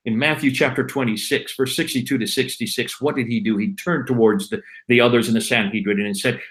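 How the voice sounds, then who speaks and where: A man's voice: medium pitch, steady tone, fairly quick, few pauses, fairly bright tone, rough recording. A man giving an impassioned, preaching monologue on a livestream, exhorting listeners with repeated, emphatic refrains. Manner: fervent, exhorting. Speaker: livestream co-host, Christian apologist.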